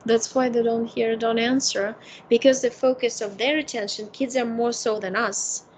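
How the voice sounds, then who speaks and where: A woman consultant talking casually, telling animated stories with many fillers. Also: fairly high pitch, moderate pace, a little hiss or hum, low-quality recording. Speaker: psychic consultant. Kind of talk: casual conversation.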